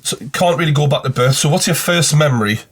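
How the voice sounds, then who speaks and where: A man's voice: a little high, fast talker, a little hiss or hum. A young Geordie man hosting a podcast, telling stories with plenty of swearing and acting out heated arguments. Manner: profane storyteller, acts out heated exchanges. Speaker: podcast host. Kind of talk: casual chat.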